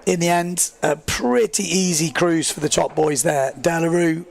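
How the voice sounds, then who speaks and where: A man commentating a live race stream, excitable and chatty, joking at his own expense as he reads viewer comments. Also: on the high side, measured pace, vocal fry. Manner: excitable, chatty, self-deprecating, rambling with fillers. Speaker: livestream sports commentator.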